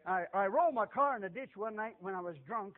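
An older man giving a folksy testimony sermon, animated and repetitive, chuckling as he tells it. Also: high-pitched, a little fast, phone-quality sound. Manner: animated, repetitive, laughs while telling.

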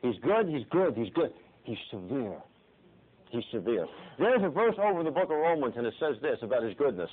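A middle-aged man preaching a sermon dramatically, swinging from soft, hushed passages to pleading cries and repeating his phrases. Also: a little high, very animated, normal speed, long pauses, breathy edge. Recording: tinny phone-like lo-fi recording.

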